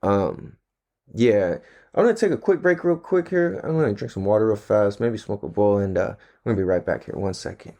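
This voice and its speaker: A man's voice: fairly low pitch, lively intonation, brisk, dark tone. A man hosting a casual solo podcast, talking in a laid-back, slangy and profane way and laughing often. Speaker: podcast host.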